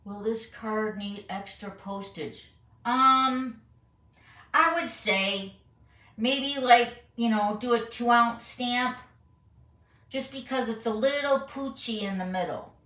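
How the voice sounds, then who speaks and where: A woman's voice: on the high side, slow pace, pushed and bright, recorded from a distance. A middle-aged woman hosting a live card-making tutorial, walking viewers through each step and reading their questions aloud in a chatty way. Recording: roomy sound, voice a bit off-mic.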